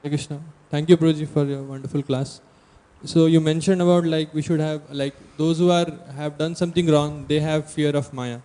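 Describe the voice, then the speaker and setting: Man with a mellow voice, audience member asking a question hesitantly. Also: on the high side, steady tone, fairly quick, hardly any pauses. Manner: hesitant, many fillers.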